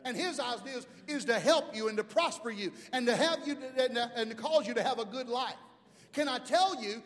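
A man in his fifties from Mobile, Alabama, preaching a sermon as pastor, animated, swinging from shouts to hushed asides. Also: extremely high pitch, fairly quick. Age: 50s. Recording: long hall reverb.

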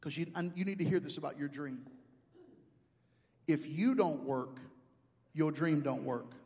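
A man preaching an animated sermon to a congregation, building from conversational talk to loud, rising climaxes. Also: fairly high pitch, unhurried. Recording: long hall reverb.

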